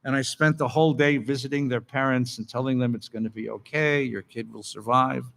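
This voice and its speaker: A man's voice: medium pitch, steady tone, fairly quick, vocal fry, a bit bright. A male rabbi telling a story in a sermon and leading his congregation in a synagogue sanctuary, with a long echo around him. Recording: long reverb of a large hall.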